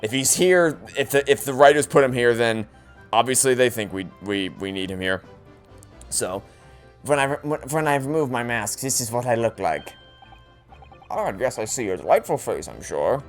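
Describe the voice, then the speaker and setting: A man's voice: medium pitch, moderate pace, faint music behind. A man casually commenting on a game playthrough in a rambling, self-deprecating way. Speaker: let's play host.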